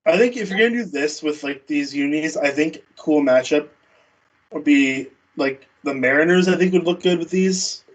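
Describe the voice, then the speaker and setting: A man's voice: fairly high pitch, moderate pace, poor audio. A man co-hosting a casual baseball watch-party stream, laid-back, laughing easily and trailing off. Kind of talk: casual chat.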